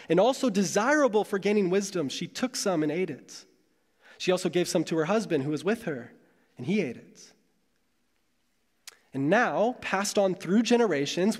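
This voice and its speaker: Pastor with a fairly high voice, dramatic pauses. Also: male voice. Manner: dramatic, measured delivery with long pauses. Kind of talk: sermon. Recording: long hall reverb.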